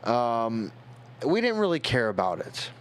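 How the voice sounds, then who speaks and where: A young man on a stream telling a personal story, tipsy, rambling and halting, growing emotional. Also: medium pitch, sing-song, smooth.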